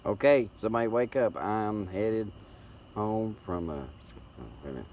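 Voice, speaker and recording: A middle-aged man with a Tennessee Southern accent and a somewhat low voice talks in a folksy, rambling way, often repeating words as he goes. He speaks casually to viewers on a live stream, picked up by a tablet's built-in mic. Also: animated, moderate pace, darkish tone, slight background noise. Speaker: livestream host.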